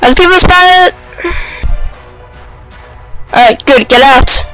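High-voiced man playing a game. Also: soft background music, low-quality recording. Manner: excitable, self-mocking, quick retorts. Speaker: let's play gamer. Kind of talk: casual gameplay commentary.

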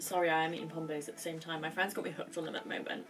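A woman's voice: deep voice, level tone, racing, soft background music. A young woman vlogger chatting casually and gushing about a shopping haul. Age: young adult.

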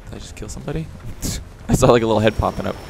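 Excitable profane young gamer. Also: male voice, lowish voice, very fast, gravelly, soft background music. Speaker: let's play gamer. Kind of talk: casual gameplay commentary.

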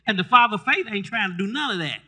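Very high-voiced, sharp-toned male preacher. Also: animated, fast talker. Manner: fervent preaching that builds to shouts; keeps asking the congregation to respond. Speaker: pastor. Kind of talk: sermon. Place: church service.

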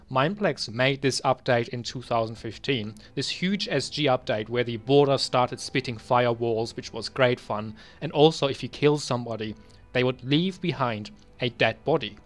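A young man talking casually while reviewing his old game bans. He mutters asides to himself and then bursts into loud, exasperated ranting. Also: medium pitch, expressive, normal speed. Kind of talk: casual screen-recorded commentary.

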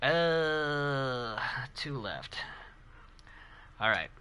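A man streaming a video game live, chatting casually and excitedly with his viewers and cheering himself on. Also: mid-range voice, drawn-out words, clear, resonant tone. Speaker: gaming streamer.

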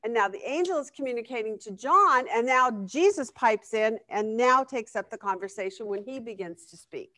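A woman's voice: a little high, animated, moderate pace, few pauses, sharp tone, no echo. A woman teaching a live Bible study class, reading scripture aloud and checking in with the class. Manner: conversational, asks the class questions, reads scripture aloud.

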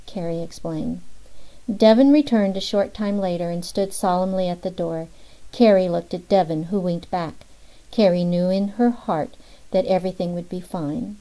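A woman's voice: fairly even intonation, moderate pace, mellow, low-quality recording. A woman narrating a novel as an audiobook, lifting her voice slightly for the characters' lines. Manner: reads all characters with small pitch lifts for dialogue.

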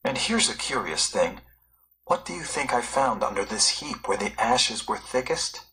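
A man's voice: mid-range voice, animated, moderate pace, pushed and bright, low-quality recording. A man voicing a curious male excavator who thinks aloud and wonders at what he has dug up, in a storybook read-aloud. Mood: musing. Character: curious male excavator musing over ancient ruins.

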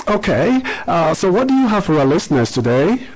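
A middle-aged man hosting a radio show, quick to praise his young guests and ask them to repeat things. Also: sits high, very animated, darkish tone, rough recording. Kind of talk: radio interview with schoolchildren.

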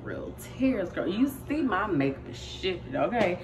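An animated woman talks casually to her viewers, taking her time over each phrase. Her pitch rises and falls freely. Clear music plays under her voice. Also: unhurried, hardly any pauses, poor audio. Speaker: vlogger. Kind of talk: casual vlog chat. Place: home bathroom, indoors. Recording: music playing behind.

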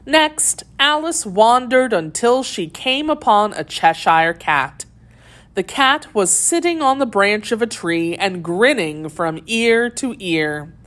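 Woman storybook narrator, mid pitch, very animated intonation. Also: slow pace. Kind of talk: storybook read-aloud.

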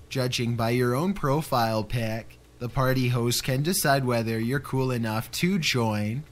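Dry, sarcastic male list narrator. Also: mid-range voice. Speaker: narrator of a countdown video. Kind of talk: scripted narration.

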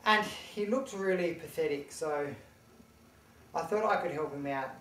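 A woman's voice: sits low, unhurried, a bit bright. A woman speaking earnestly and a bit hesitantly in a mockumentary interview. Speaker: housemate. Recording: roomy, distant mic.

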